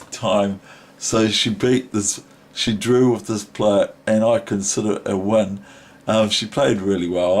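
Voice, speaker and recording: A man's voice: on the low side, slight background noise. A man with a New Zealand accent casually commenting on a chess game as a teacher, delighted and laughing often between remarks.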